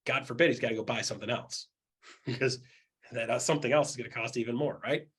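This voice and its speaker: A man speaking quickly in a mid-range, slightly rough voice coaches real estate agents with blunt humor. Animated throughout, he imitates the voices he quotes and hammers his points by repeating them.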